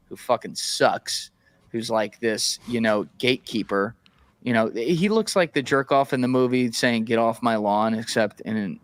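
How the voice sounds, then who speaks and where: A man's voice: mid-range voice, dry recording. Blunt, profane man in casual talk. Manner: blunt, profane, animated opinions. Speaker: podcast guest. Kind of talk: casual podcast conversation.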